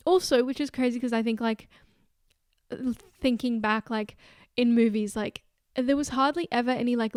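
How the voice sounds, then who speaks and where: Rambling young woman with a gravelly voice. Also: on the high side, darkish tone, no room sound, clean studio sound. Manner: rambling, fills with "like" constantly; earnest, emotionally open. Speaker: vlogger. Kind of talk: casual confessional talk to camera.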